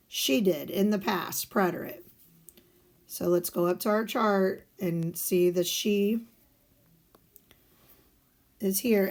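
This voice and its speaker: A woman teacher talks through a recorded lesson at an unhurried pace, step by step. Her voice sits at a middle pitch, and she poses questions to the class and answers them herself. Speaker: Spanish teacher. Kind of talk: recorded video lesson walking through guided notes.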